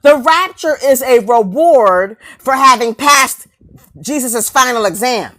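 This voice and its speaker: A woman's voice: high-pitched, animated, takes it slowly, a bit bright. A woman delivering a confrontational, preachy rant to camera, mocking her targets and firing off rhetorical questions and repeated lines.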